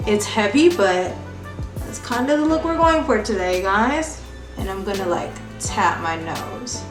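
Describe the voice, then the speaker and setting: A woman beauty vlogger talking through a casual makeup tutorial in a chatty, sing-song tutorial voice. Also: medium pitch. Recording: echoey room, distant mic, music behind.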